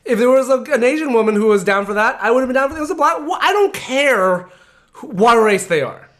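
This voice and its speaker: A man's voice: extremely high pitch, expressive, quick pace, a bit bright. A man in casual chat, frank and self-mocking, swearing as he talks.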